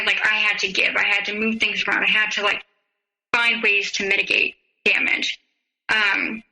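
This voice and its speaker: A woman, a podcast guest, telling her own story haltingly and recounting past conversations in detail. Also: medium pitch, bright, forceful tone, poor audio. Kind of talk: personal storytelling in an interview.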